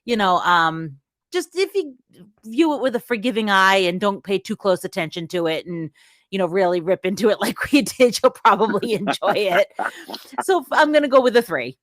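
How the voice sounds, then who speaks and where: A woman's voice: medium pitch, lively intonation, moderate pace, no room sound, studio quality. A woman co-hosting a casual movie review podcast, chatty and easygoing. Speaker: podcast co-host.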